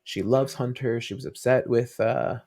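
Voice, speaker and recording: A man's voice: medium pitch, steady tone, normal speed, a little mellow. A man who is a father, guest on a fan podcast, telling stories in a rambling, casual way with many fillers and restarts. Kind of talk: casual interview chat.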